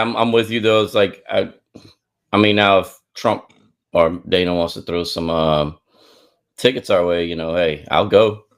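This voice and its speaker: Man, deep voice, podcast co-host, casual sports chat, easygoing. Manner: easygoing, loose and conversational.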